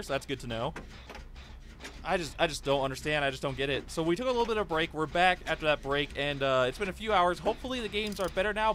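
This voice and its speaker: Brief: young male gaming streamer, higher-pitched voice, excitable play-by-play, faint hiss behind. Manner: excitable, pleading and cheering during play. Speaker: gaming YouTuber. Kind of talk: live gameplay commentary.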